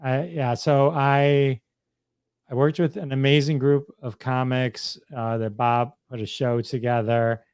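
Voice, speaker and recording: A man's voice: medium pitch, steady tone, measured pace, darkish tone, smooth, no echo. A man hosting a casual live-stream chat show, upbeat and chatty, with an announcer-like voice. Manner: upbeat, chatty, laughs often. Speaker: podcast host.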